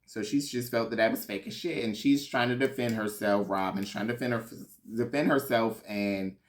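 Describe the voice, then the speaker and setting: A man's voice: on the low side, moderate pace. A man giving a sassy, gossipy recap of a reality show, swearing freely. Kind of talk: casual recap commentary.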